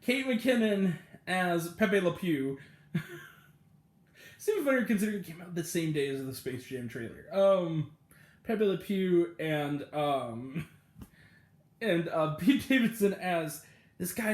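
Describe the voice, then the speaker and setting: A man giving a casual, rambling spoken review of a comedy show, full of fillers and laughter, acting out quoted lines in other voices. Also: high-pitched. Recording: echoey room.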